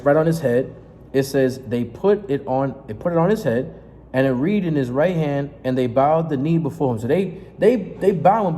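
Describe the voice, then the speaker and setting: A man's voice: mid-range voice, dark tone. Fiery, confrontational man preaching. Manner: confrontational and emphatic, profane asides, frequent "right?". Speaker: street preacher. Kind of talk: fiery scripture-reading sermon. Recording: reverberant space with faint noise.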